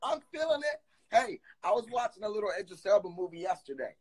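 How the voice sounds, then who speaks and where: A young man in his twenties hosting a phone live stream, chatting casually and teasing his callers with quick banter. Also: sits high, sing-song. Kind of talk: casual live video chat.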